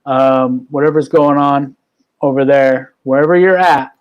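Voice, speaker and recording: A man's voice: medium pitch, steady tone, unhurried, smooth, highs cut off. A man hosting a casual online talk show from home, rambling with many fillers and restarts. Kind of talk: casual chat on a live video call.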